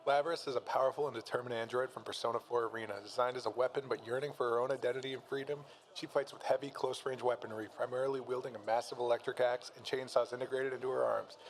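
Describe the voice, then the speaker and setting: A man's voice: mid-range voice, fairly even intonation, fast, hardly any pauses, low-quality recording. A man casually reads battle narration aloud, laughing often and making jokey asides. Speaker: streamer reading a fan-made battle story.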